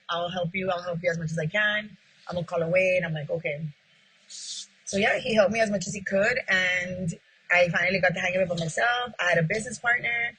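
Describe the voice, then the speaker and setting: Husky-voiced woman pizzeria owner. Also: lowish voice, bright, forceful tone, low-quality recording. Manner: retells past talks by acting out both sides, heavy with "like". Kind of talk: personal storytelling in an interview.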